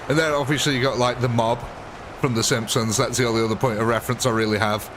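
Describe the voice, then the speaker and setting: A man's voice: mid-range voice, steady tone, fast talker, background noise. A man hosting a gaming livestream, chatting casually with viewers and chuckling often. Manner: chatty, chuckling, answers chat. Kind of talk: casual live-stream chat.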